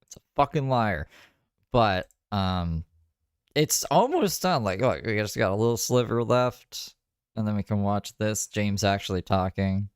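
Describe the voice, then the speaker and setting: A man's voice: on the low side, expressive, unhurried, smooth, dry recording, studio quality. Rambling, swearing man streaming live. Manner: rambling, swearing, laughing asides. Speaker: streamer reacting to another creator's live. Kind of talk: casual live-stream chat.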